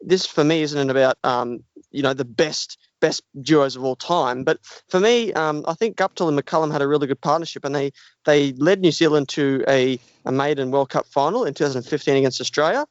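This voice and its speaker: A man's voice: mid-range voice, very fast, hardly any pauses, no room sound, close to an everyday voice. A man hamming up a fake New Zealand accent in upbeat, casual podcast chat, heaping on praise. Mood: jokey. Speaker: podcast co-host. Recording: dull lo-fi dry podcast audio.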